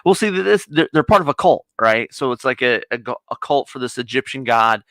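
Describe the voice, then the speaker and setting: A man's voice: medium pitch, lively intonation, brisk, bright, forceful tone, no echo. A man co-hosting a casual review chat, eagerly retelling a TV episode in a rambling way. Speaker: co-host of a nerd review show.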